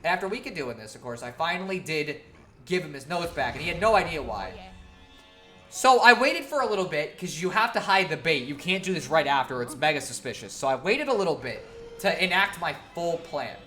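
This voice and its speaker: A woman's voice: low-pitched, animated, brisk, fairly bright tone, faint music behind. A woman streamer telling a long story in a casual, profane, laughing way.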